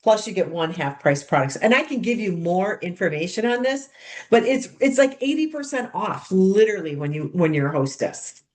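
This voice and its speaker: A woman's voice: medium pitch, very animated, normal speed. A woman coaching others how to run a skincare party, demonstrating steps in a bubbly, chatty way and calling the group "you guys". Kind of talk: hands-on demonstration talk.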